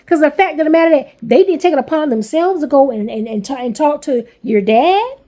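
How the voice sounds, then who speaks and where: Woman, 40s, high-pitched, furious parent venting to camera; blunt, profane, repetitive. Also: lively intonation, a little fast, dark tone. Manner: blunt, heavy swearing, repeats herself. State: angry. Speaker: parent vlogger.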